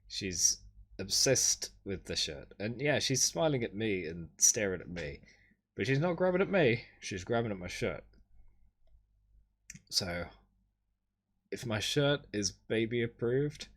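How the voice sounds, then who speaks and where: A man streaming, casually recapping a holiday over his photos in a rambling, wry way, with sudden excited jumps in pitch. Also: slightly rough.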